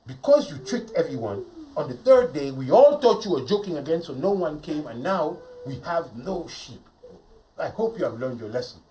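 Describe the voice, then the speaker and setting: A stern shepherd father lecturing his son in a low, measured voice, as a male storyteller puts him on. The speaker stands back from the mic, with faint room ambience behind him. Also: big pitch swings, warm tone, far from the mic, a little hiss or hum, poor audio.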